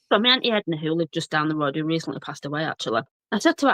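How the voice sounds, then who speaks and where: A woman's voice: on the low side, animated, racing, few pauses, a bit bright, no room sound. A woman in her thirties with a broad Yorkshire accent, a chatty guest who laughs often and tells ghost stories from her childhood. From Bradford, Yorkshire, England. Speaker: guest, blogger and journalist. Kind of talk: casual storytelling chat.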